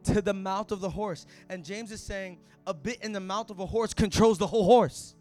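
A man preaching a sermon, moving from hushed asides to loud shouted declarations. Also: high voice, normal speed, soft background music.

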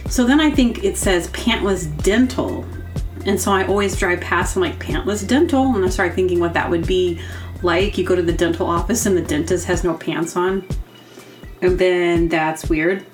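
A woman's voice: on the low side, steady tone, moderate pace, soft background music. A woman hosting a podcast, rambling through a comedic monologue, giggling as she acts out silly quotes in other voices. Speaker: podcast host.

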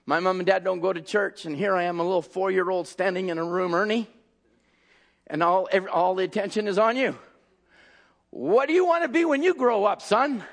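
A man preaching an impassioned sermon, acting out scenes and shouting at the peaks. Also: high voice, a little fast, vocal fry.

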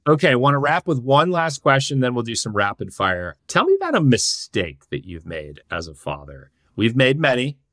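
A man's voice: mid-range voice, wildly swooping pitch, a little fast, hardly any pauses, a bit bright, dry recording, clean studio sound. A man hosting a podcast interview, encouraging and affirming toward his guest. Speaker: podcast host. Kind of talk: conversational interview.

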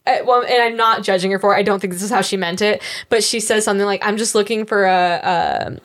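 A young woman co-hosting a podcast, chatting casually and with strong opinions, full of fillers and quick asides. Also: mid-range voice. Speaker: podcast co-host. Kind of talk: casual recap chat.

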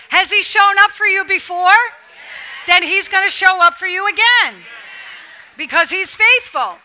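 High bright-voiced fervent woman preacher. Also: normal speed. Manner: fervent, emphatic, repetitive preaching cadence. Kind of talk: sermon. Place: women's church gathering.

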